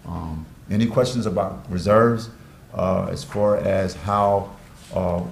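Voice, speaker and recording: A man, the city manager, presenting a budget at a city meeting in a measured, hesitant way with many fillers. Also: low voice, gravelly, a little mellow. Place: city commission chamber. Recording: echoey council chamber, faint noise.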